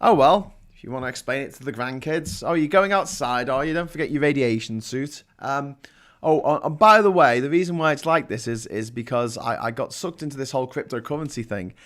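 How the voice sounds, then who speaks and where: A man's voice: medium pitch, lively intonation, brisk, a bit bright. A man with a Scouse accent hosting a live call-in stream, chatting and reading news headlines with sarcastic asides. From Liverpool, England. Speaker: live-stream chat show host. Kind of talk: casual chat reading headlines.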